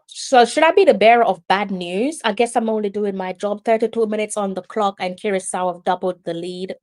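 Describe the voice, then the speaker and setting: A woman with a Jamaican accent hosting a live football watch-along, excitable and exasperated, slipping into patois. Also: mid-range voice, brisk. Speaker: live stream host.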